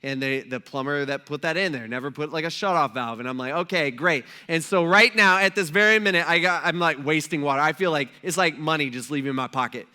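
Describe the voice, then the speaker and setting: A male pastor preaches in a relaxed, conversational way, slipping into acted-out quotes as he tells a story. His voice sits a bit high and has a bright, forceful edge. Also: quick pace, hardly any pauses, clean tone. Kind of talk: conversational sermon.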